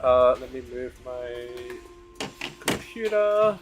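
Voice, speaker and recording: A man streaming a game and reading its dialogue aloud, talking loudly and excitably and swearing freely. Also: medium pitch, slow, highs cut off, music in the background.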